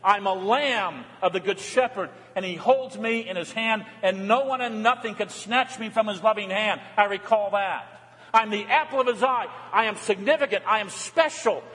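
An older man preaches from the pulpit with a fairly high voice that swings between hushed, intimate lows and excited peaks. His words ring out with a long church reverb behind them. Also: moderate pace. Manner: warm, animated preaching with dramatic drops and rises. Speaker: pastor. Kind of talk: sermon. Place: large church sanctuary.

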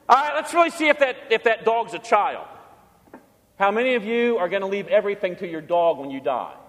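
A man's voice: high voice, a bit bright. A man preaching a sermon as pastor, asking the congregation questions and answering them himself, in a church. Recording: long church reverb.

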